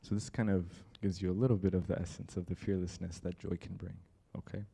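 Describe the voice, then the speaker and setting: This young man's low, gravelly voice has a breathy edge and a quick pace. He's telling a story during a church talk, playing out the people in it with real liveliness.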